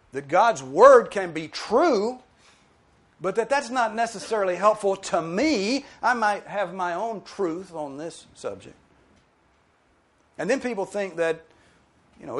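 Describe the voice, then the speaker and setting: A man preaching an expository sermon, explaining a verse and acting out objectors' voices. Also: a little high. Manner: animated, emphatic, mimics objectors in quoted asides.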